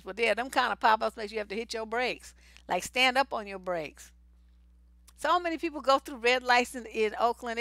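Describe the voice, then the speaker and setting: A woman's voice: fairly high pitch, pushed and bright, no echo. A woman giving blunt, slangy relationship advice in a casual live stream. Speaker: relationship coach.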